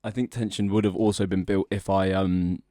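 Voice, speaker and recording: A man's voice: low voice, flat delivery, fairly quick, warm tone, no room sound, clean studio sound. A young adult man, a podcast co-host, casually telling a long, rambling joke story and laughing as he goes. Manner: rambling, laughs often, drags out the setup.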